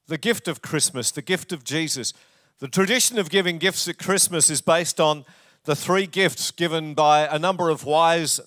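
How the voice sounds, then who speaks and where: Australian pastor preaching with a clear voice. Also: male voice, a little high, no room sound, clean studio sound. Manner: jokey, storytelling, warm asides. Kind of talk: sermon. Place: church.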